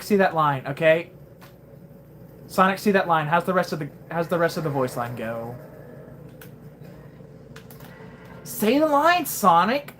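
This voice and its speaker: A woman's voice: mid-range voice, fairly bright tone, a little hiss or hum. A woman voicing a snarky young male fox sidekick who mocks and scolds in slangy trash talk. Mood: insistent.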